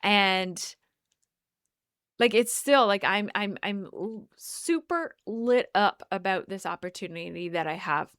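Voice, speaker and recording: A woman hosting a solo wellness podcast, talking in an earnest, halting way with many restarts. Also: medium pitch, fairly bright tone, smooth, dry recording, clean studio sound. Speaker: podcast host. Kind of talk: reflective solo podcast monologue.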